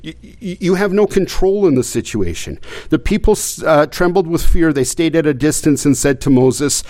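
A pastor gives a sermon in a slightly raised pitch, talking plainly and conversationally while tripping into repeated words and restarts. He keeps posing rhetorical questions to his listeners, sounding animated and a little mellow at a normal speed.

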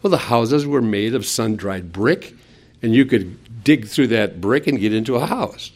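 A man's voice: medium pitch, expressive, a little slow, darkish tone. An older man preaching a sermon, earnest, leaning hard on key words and quoting scripture. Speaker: pastor.

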